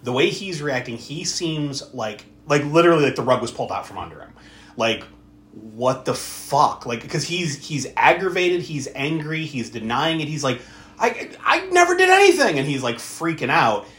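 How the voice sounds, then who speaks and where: A man hosting a podcast, chatting casually about a movie, animated and swearing freely as he acts out scenes. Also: mid-range voice, moderate pace. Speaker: podcast host. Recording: echoey room.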